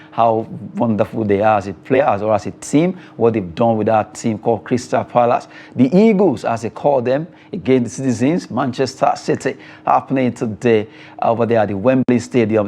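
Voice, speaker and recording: A man's voice: mid-range voice, darkish tone. Chatty Nigerian male sports show host. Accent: Nigerian English. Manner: chatty, laughs with callers, hesitant fillers. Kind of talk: radio phone-in presenting.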